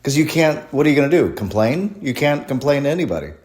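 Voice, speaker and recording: A man's voice: medium pitch, sing-song, quick pace, a little mellow. A man performing a rambling, crude, self-deprecating stand-up comedy set at a live show.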